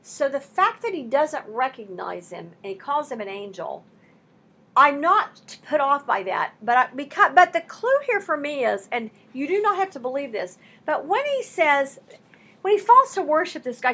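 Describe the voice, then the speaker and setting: A woman's voice: high voice, big pitch swings, normal speed, sharp tone. A woman teaching a sermon on scripture, impassioned and emphatic, mixing conversational asides with rising bursts. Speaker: Bible teacher.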